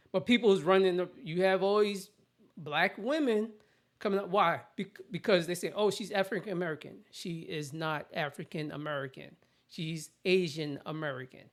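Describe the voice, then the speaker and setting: A host rants bluntly and opinionatedly in casual political commentary, using plain everyday language in a middle-pitched voice. Sentences often break off and restart.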